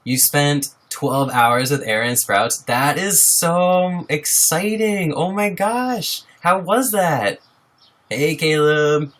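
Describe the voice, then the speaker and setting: A man's voice: a little high, takes it slowly, fairly bright tone. A young man casually chatting on a live stream from home, bubbly, greeting viewers by name and laughing often, speaking into a laptop microphone. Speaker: livestreamer. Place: home, at a wobbly table.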